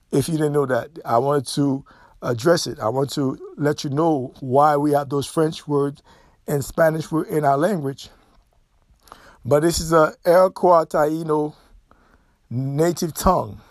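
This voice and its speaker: A middle-aged man with a Haitian accent talks through a solo podcast monologue, pressing each point and circling back to repeat it. His voice sits somewhat high for a man. The sound is dry and close, with no room around it. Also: a little slow, no room sound. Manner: emphatic, repeats points, nonstandard grammar. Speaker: podcast host.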